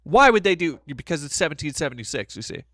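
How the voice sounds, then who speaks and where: A man ranting on his live stream, swearing freely. His fairly high voice swings all over the place, and the sound is dry and close, from a home setup. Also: quick pace, no echo. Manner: profane, animated, ranting. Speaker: streamer host. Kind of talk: casual live-stream rant.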